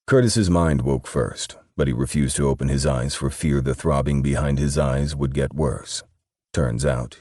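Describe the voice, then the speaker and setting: Male audiobook narrator, very deep and husky, steady reading. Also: dry recording, studio quality. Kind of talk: scripted narration.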